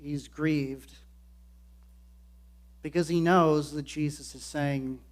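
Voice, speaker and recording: Slow, earnest male preacher. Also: fairly high pitch, steady tone. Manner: earnest, acts out quoted lines. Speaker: pastor. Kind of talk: sermon.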